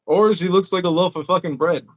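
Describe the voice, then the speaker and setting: A man's voice: high-pitched, steady tone, a little fast. A man hosting a podcast, telling stories in a casual, profane way. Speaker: podcast host. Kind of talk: casual chat.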